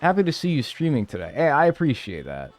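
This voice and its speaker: Animated joking male streamer. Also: on the high side, fast. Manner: animated, joking, reads and answers chat. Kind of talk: casual live-stream chat.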